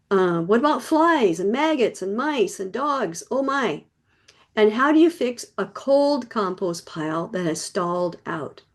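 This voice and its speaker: A woman's voice: mid-range voice, darkish tone. A middle-aged woman teaching an online gardening class, explaining in a chatty, folksy way with homely comparisons.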